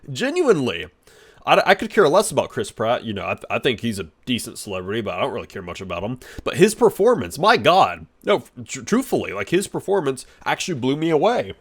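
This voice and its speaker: Excitable rambling man reviewing a movie. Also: medium pitch, fairly quick, husky. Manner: excitable and rambling, with frequent restarts and fillers. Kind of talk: casual spoken review.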